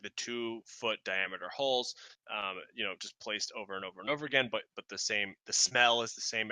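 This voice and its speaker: A man running a tabletop game as game master, narrating in a rambling, halting way full of fillers and restarts, over an online call. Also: fairly low pitch, pushed and bright, no echo.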